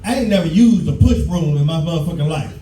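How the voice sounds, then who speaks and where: A man in his fifties from Detroit, performing a loud, profane stand-up routine on a live stage, often shouting. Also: fairly high pitch, expressive, fast talker, roomy sound, distant mic, rough recording. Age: 50s. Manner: loud, profane storytelling, breaks into shouts and laughter. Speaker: stand-up comedian. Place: live show stage with audience.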